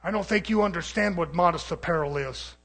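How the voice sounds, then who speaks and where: High-voiced preacher man, fiery and confrontational, mutters then yells. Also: brisk. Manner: swings between muttered asides and shouting. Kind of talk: sermon.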